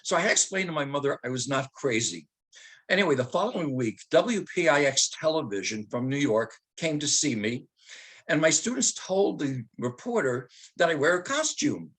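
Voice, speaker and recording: Higher-voiced older man telling stories. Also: sing-song, a bit bright. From Germany. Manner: humorous, anecdotal, slows to dramatic recitation. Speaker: speaker, retired teacher. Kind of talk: personal storytelling talk with dramatic readings.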